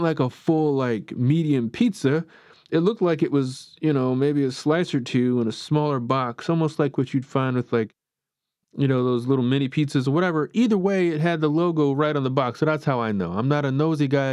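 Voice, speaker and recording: A male podcast host delivers a casual film review monologue, his voice a little high, smooth and slightly mellow at a fairly quick pace. The close-miked recording is dry, with no room sound. He's chatty and rambling and calls himself opinionated.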